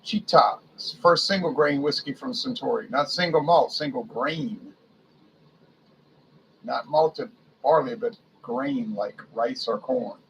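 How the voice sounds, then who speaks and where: A man's voice: medium pitch, slow, gravelly, fairly bright tone, slight background noise, low-quality recording. A man casually reading a liquor list aloud, musing to himself and stumbling over foreign names. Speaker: beer and spirits reviewer.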